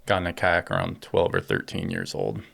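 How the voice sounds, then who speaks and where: A man from California, a guest in a casual interview, telling stories about his life and work in a relaxed, plainspoken way. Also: sits low, fairly quick, gravelly, no echo. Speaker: guest, aerospace engineer and kayaker.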